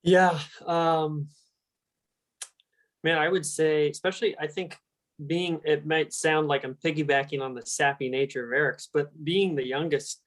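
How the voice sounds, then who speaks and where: Heartfelt young man, somewhat high. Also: fairly even intonation. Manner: heartfelt, halting. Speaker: band member guest. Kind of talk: casual interview talk.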